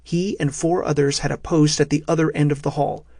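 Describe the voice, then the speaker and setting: Gravelly male audiobook narrator. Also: fairly high pitch, dry recording, studio quality. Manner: steady, measured storytelling. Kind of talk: scripted thriller narration.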